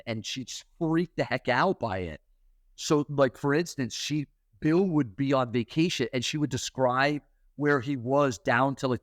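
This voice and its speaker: A man's voice: medium pitch, no echo, clean studio sound. A middle-aged man hosting a spiritual talk, telling a story in a loose, chatty way with lots of fillers. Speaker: host and spiritual teacher.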